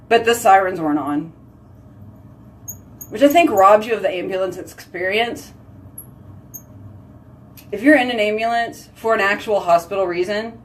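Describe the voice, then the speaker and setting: Woman chatting to her viewers, voice all over the place up and down, kinda far from the mic. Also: medium pitch. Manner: chatty, giggly storytelling. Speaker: vlog host answering viewer comments. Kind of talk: casual live chat. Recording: voice slightly off-mic.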